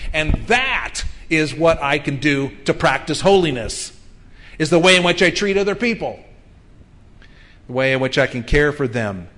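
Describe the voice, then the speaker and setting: A man's voice: medium pitch, a bit bright. A man in his fifties preaching a sermon in an earnest, conversational way, with frequent ums and restarts. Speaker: pastor.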